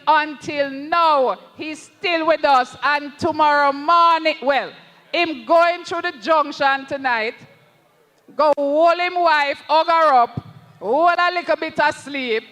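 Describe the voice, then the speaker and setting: A high, bright Jamaican voice gives a political rally speech, impassioned and emphatic, pressing each point to the leader beside them. The words come slowly and deliberately. The sound rings through a long, echoey reverb. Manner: impassioned, slow and emphatic, repeatedly addresses the party leader. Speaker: parliamentary candidate at a party rally.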